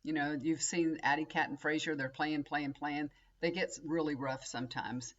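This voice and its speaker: A woman's voice: deep voice, fairly even intonation, moderate pace, lo-fi sound. Chatty woman, rambling home vlog. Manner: chatty, folksy, addresses viewers as y'all, frequent laughs and asides. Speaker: tarot reader and vlogger. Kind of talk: rambling casual chat to viewers.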